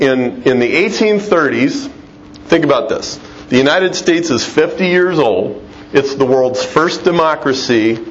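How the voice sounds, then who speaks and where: Man giving an emphatic lecture-style talk. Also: on the high side. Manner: conversational, emphatic, with restarts. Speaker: Christian speaker. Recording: dull lo-fi sound with faint noise.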